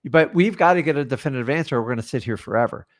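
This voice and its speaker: A man with a mid-pitched voice leads a live training session on real estate deals. He talks in short, punchy bursts and coaches the listeners directly. He breaks into quick acted sample conversations with sellers. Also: expressive.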